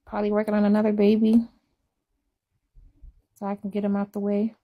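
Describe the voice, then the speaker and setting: A woman's voice: mid-range voice, completely flat delivery, a little fast, dull audio. Woman rambling in casual livestream talk. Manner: rambling, self-deprecating, repetitive.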